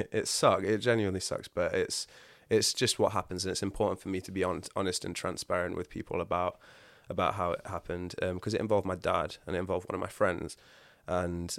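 A man's voice: deep voice, flat delivery, moderate pace, no room sound. A man, telling his personal story in a candid, confessional way on a podcast, often restarting his sentences. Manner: earnest, confessional, frequent restarts. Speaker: podcast guest.

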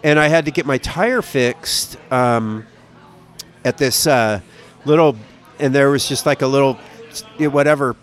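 A man's voice: medium pitch, a little slow. A man from the American Midwest, co-hosting a casual podcast chat and telling long, rambling stories full of swearing. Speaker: podcast co-host.

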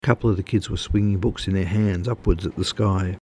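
Deep-voiced man reading a story. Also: steady tone, a little fast, mellow, slightly rough. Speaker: narrator.

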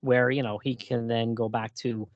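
A man's voice: medium pitch, flat delivery, normal speed, no echo, dull audio. A man co-hosting a casual podcast, enthusiastic and laughing often as he recaps stories. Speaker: podcast co-host. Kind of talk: casual chat.

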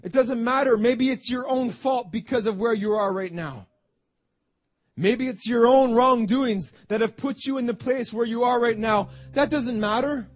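A man preaching a sermon as a pastor, fervent and repetitive, building up to shouts. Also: very high voice, measured pace. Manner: fervent preaching, repeats phrases, rising to shouts.

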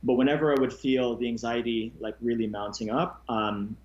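A man being interviewed as a guest, telling his story candidly with halting restarts. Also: mid-range voice, little pitch movement, dull audio. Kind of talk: casual conversation.

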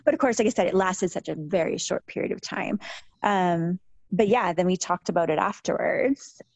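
A woman guest on a podcast, recalling an experience in a soft, hesitant, reflective way. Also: on the low side, normal speed, no room sound. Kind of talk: reflective conversational recollection.

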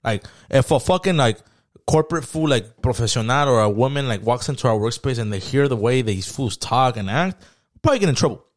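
A man's voice: medium pitch, expressive, brisk. A young man co-hosting a casual podcast chat, slangy and profane, rambling as he tells work stories. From Mexican heritage. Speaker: podcast co-host.

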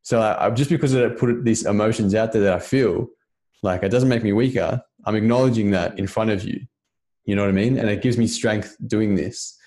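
A man with a somewhat low voice talks earnestly in a relaxed podcast chat. His speech is loose and conversational, peppered with check-ins to the other person. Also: brisk. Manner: earnest, loose, keeps asking "you know what I mean".

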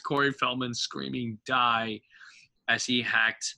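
A man's voice: medium pitch, moderate pace, sharp tone. A man co-hosting a casual movie review podcast, rambling and laughing as he recalls favorite lines. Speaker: podcast co-host.

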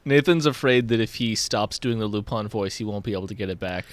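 A man's voice: on the low side, quick pace, dry recording. A man playing in a tabletop game, chatting casually with a dry, joking manner. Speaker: player.

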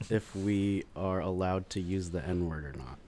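A man's voice: low-pitched, unhurried, slight background noise. A man telling stories in casual chat, swearing freely and acting out the voices of others. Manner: animated storytelling, acts out voices, swears freely.

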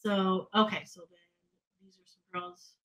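A woman's voice: fairly even intonation, measured pace, very noisy. A woman from Canada, co-hosting a podcast and telling a story in a chatty way, with lots of fillers. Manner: chatty, many fillers, acts out other people's lines in higher voices. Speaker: podcast co-host. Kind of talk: casual chat, telling a story.

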